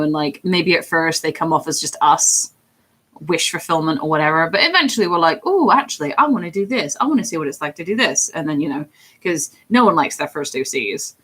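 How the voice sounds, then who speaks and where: A young woman chatting casually on a live stream, giggly and self-deprecating, her pitch swinging widely as she answers viewers. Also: a bit bright.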